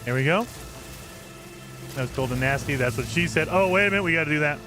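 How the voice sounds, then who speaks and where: A man streams a space survival game, chatting casually with viewers and laughing often as he plays. His voice is on the high side, he talks fast, and music plays underneath.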